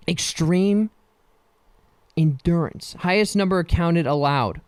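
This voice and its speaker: Brief: jokey man riffing solo on a podcast mic, clear, dry sound, very animated. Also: high voice, measured pace, long pauses, no room sound. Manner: rambling, jokey, laughs often. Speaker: podcast host.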